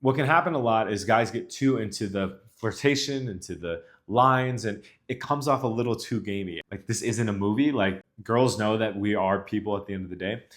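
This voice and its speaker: Young man, dating coach, lowish voice, assured instructional delivery. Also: normal speed, hardly any pauses. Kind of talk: instructional talk to camera.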